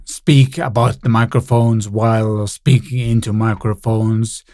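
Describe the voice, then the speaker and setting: A man's voice: medium pitch, a little slow, hardly any pauses, warm tone, dry recording. A man reviewing microphones in a casual demo, with a playful, rambling, self-mocking manner, speaking into a studio condenser mic. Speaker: gear reviewer. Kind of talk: casual product demo chat.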